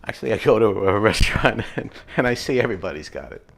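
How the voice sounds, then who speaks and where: A man hosting a home cooking show, chatting in a rambling, relaxed way as he tells stories while he cooks. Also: lowish voice, quick pace, vocal fry. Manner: relaxed, mellow. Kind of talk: casual cooking demonstration with anecdotes.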